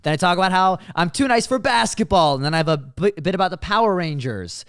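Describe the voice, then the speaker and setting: Fast, high-voiced young comedian man. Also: clear, resonant tone, no room sound, studio quality. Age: 20s. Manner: rapid, animated joke delivery. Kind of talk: running through a stand-up set.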